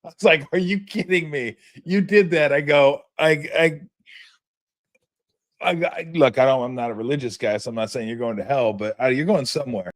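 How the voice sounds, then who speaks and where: Animated man telling a story. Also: medium pitch, fairly quick. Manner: animated, laughing storyteller with many fillers and restarts. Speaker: podcast host. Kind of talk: casual storytelling monologue.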